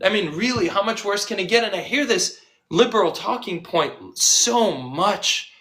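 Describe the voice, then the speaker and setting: Bright-voiced man, sarcastic activist. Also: high voice, expressive, a little slow. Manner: sarcastic, acts out quoted voices. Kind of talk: impassioned conversational storytelling.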